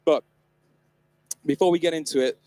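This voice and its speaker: Irreverent joking man on stage, slightly high. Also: steady tone, moderate pace, darkish tone, no room sound. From north of England. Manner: irreverent, joking, swears freely. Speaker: conference presenter. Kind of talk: comedic keynote talk. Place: on stage at a live event.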